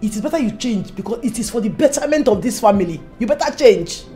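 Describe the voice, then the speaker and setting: A woman's voice: a little high, animated, quick pace, dark tone, soft background music, lightly acted. A woman playing a scolding Nigerian mother. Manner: insistent, scolding. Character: scolding older mother, firm and insistent. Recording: echoey room.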